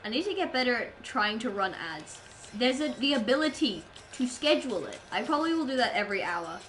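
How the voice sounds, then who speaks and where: A woman's voice: fairly high pitch, big pitch swings, fairly quick, a bit bright, a little hiss or hum, low-quality recording. Stuffy-nosed Australian woman streamer. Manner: chatty, playful, talks to chat while playing. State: stuffed-up nose from a cold. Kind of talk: casual live-stream chat while gaming.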